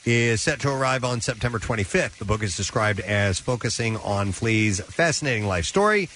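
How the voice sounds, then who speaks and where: A man hosting a radio show, reading entertainment news briskly with filler "uh"s and casual asides, in a radio studio. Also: fairly low pitch, lively intonation, fairly bright tone, a little hiss or hum. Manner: brisk newsreader delivery with filler "uh"s.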